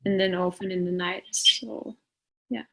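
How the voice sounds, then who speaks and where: A woman's voice: medium pitch, steady tone, a little slow, gravelly, sharp tone. A woman in a session describing what she feels, hesitant and reflective, often trailing off. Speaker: client in a session. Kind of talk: casual conversation.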